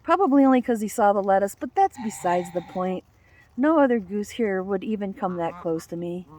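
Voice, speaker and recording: A woman's voice: medium pitch, lively intonation, normal speed, darkish tone. A woman vlogging outdoors among geese, chatting casually and coaxing a goose in a playful sing-song voice. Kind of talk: casual vlog narration.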